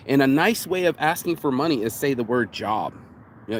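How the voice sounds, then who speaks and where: A man talks straight to the camera outdoors, rambling and swearing as he goes and calling the listener "bro". His pitch sits in the middle for a man, and clear street noise runs behind him. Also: lively intonation, moderate pace. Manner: rambling, profane, uses "bro" often. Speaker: vlogger. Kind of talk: casual monologue to camera. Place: outdoors in public.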